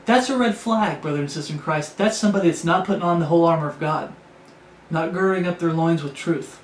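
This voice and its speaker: A man's voice: fairly high pitch, fast talker. A man preaching a sermon, earnest and repetitive, often restarting his phrases. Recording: echoey room with faint background noise.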